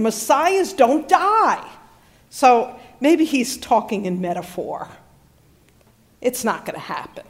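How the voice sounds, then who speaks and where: A woman pastor preaching a sermon in a conversational, storytelling way with wry humor. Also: medium pitch.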